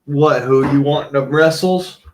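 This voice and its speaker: A man's voice: a little high, measured pace, darkish tone, a little hiss or hum. A man hosting a casual stream, talking profanely and teasing, switching to baby talk with his dog. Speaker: stream host. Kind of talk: casual chat while playing with his dog.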